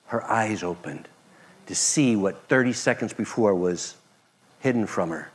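Slow-speaking male preacher. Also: fairly low pitch, slightly rough. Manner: expressive, swings between loud emphasis and soft near-whisper. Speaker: pastor. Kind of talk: sermon.

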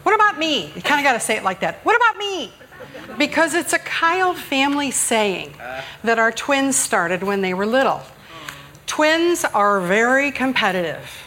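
A middle-aged woman gives a church sermon in a chatty, joking way. Her voice sits a little high, and she pokes fun at herself as she talks to the congregation from the sanctuary. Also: bright, forceful tone. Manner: humorous, self-deprecating, chatty with the congregation. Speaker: guest speaker preaching at church. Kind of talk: conversational sermon.

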